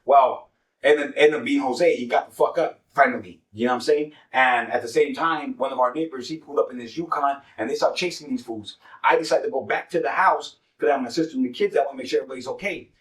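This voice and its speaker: A man's voice: medium pitch, fast, roomy sound, recorded from a distance, poor audio. A man casually telling a street story as host, cursing freely and dropping streetwise slang. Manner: profane, streetwise slang, repeats "money" as a filler.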